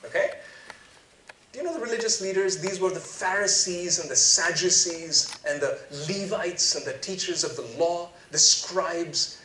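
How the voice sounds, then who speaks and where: A man preaching a sermon, telling stories in an expressive, enthusiastic way at a large event venue. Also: sits high, moderate pace, slight background noise. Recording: echoey hall, distant mic.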